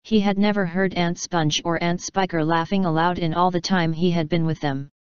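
A woman narrating a children's story with a very smooth, slightly low voice. Her reading is measured and clear, recorded dry with a slightly dull, lo-fi tone. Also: steady tone, dry recording. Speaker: audiobook narrator.

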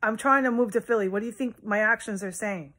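A woman's voice: medium pitch, quick pace, a bit bright. A woman vlogging from her house in a rambling, agitated monologue, swearing often and jumping between topics. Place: at home in a house.

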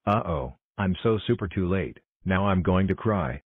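Exclamatory man narrating homemade bloopers, low voice, muffled lo-fi audio. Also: expressive, breathy edge. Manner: exclamatory, hurried, calling cuts and takes. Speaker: creator directing a logo blooper video. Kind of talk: scripted fan cartoon narration.

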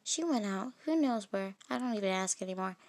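A woman's voice: medium pitch, expressive, brisk, darkish tone, dry recording, natural voice. Woman voicing a dry, sulky neighbor man. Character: grumbling adult man, struggling neighbor.

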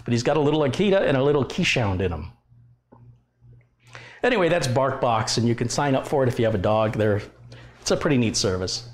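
A man's voice: mid-range voice, lively intonation, brisk, pauses often. Chatty man talking to his dogs. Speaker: tech channel host. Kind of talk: casual live-stream chat. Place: home room.

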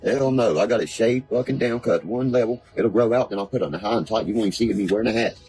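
Over background music in a low-quality recording, a Virginia man from West Virginia talks fast in a lowish, mellow voice with a breathy edge. As a guest, he rambles through casual chat, cursing freely and spinning conspiracy talk.

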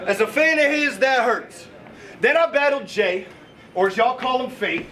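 A man battle rapping with loud, taunting delivery. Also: very high voice, moderate pace, a little hiss or hum. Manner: lively, shouted taunting. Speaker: battle rapper. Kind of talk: battle rap verse.

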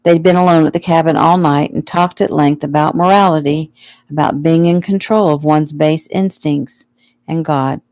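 A woman casually reading her own novel aloud at home, relaxed and unhurried. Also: sits low, no echo. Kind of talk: casual audiobook narration.

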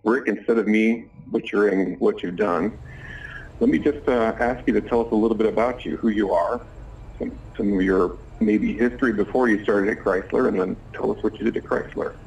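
A man hosts an interview and asks loose, hesitant questions in a low, gravelly voice. He sits far from the mic, and faint background noise runs under him. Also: normal speed, a little mellow. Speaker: interviewer, host.

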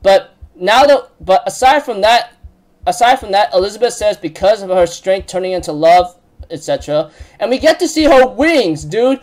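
A man's voice: high-pitched, expressive, moderate pace. A man casually recapping a story, rambling with lots of fillers and frequent laughs. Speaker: recap host.

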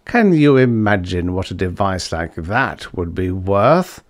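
A man voicing a fat, jovial, scheming crime boss with a suave, pompous, unhurried manner in a science fiction audiobook. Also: sits low, very animated, dry recording, studio quality.

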